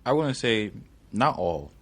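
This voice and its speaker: A male interviewer with a very deep voice, keeping the casual chat moving with short questions and quick agreement. His tone is loose and conversational. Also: very animated, fairly bright tone. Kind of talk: casual street-style interview.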